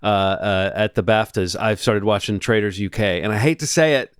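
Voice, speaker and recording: A man's voice: fairly low pitch, normal speed, clear, resonant tone, no room sound, clean studio sound. A man co-hosting a movie podcast, chatting casually in long, rambling stretches. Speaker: podcast co-host. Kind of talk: casual chat.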